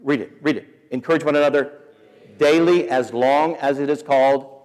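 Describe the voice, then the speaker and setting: A middle-aged man giving a storytelling sermon to students as a week of prayer speaker, animated and acting out voices in his stories. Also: medium pitch, normal speed, in a large hall. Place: school assembly hall.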